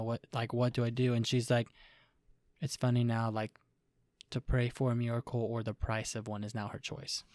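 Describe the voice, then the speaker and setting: A young man co-hosting an anime podcast, talking in an animated, rambling way and laughing easily. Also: medium pitch, clean tone, no echo, clean studio sound. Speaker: podcast co-host. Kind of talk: casual anime review chat.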